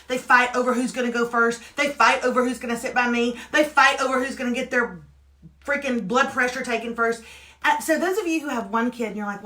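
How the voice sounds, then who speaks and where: A woman, co-hosting a live morning show in animated, playful casual chat. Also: a little high. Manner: animated, playful, quick asides.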